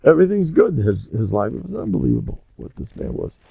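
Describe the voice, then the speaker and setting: A man's voice: mid-range voice, a little fast, gravelly, breathy edge, no room sound. An older man with an American accent, a rabbi lecturing to listeners and acting out the scenes of his stories. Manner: animated storyteller who acts out scenes. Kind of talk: Torah lecture with storytelling.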